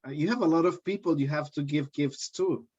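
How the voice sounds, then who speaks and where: A man's voice: a little high, fairly quick, a little mellow, husky. A man from Colombia with a Colombian accent, teaching a live online English class in a friendly, joking way and repeating key phrases. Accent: Colombian Spanish. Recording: dull lo-fi sound.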